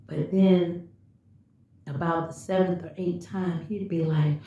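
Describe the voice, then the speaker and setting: A woman's voice: fairly low pitch, steady tone, slow, warm tone. A woman vlogger telling a personal story and speaking directly and emphatically to her viewers. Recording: echoey room, far from the mic, dull lo-fi.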